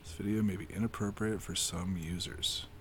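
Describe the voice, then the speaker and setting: A young man giving casual, crude reaction commentary on videos, excitable and swearing, with laughing outbursts. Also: sits low, moderate pace, slightly rough.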